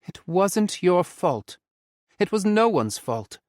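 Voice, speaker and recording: A male narrator voicing a tender young man who soothes his lover in a romance audiobook, speaking softly. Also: high voice, big pitch swings, slow, no room sound, studio quality, pitched above the performer's own voice, heavily acted. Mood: consoling. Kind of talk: audiobook character voice.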